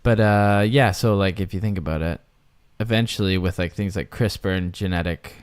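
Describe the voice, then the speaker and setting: Low-pitched guy podcasting, rambly, lots of um and like, dry close sound. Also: moderate pace, clean tone, no room sound. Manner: rambling, many fillers and restarts. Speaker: podcast co-host. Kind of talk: casual chat.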